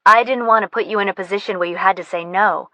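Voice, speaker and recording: A woman's voice: mid-range voice, quick pace, sharp tone, no room sound, close to an everyday voice. A woman voicing an earnest, eager young woman friend in an audiobook.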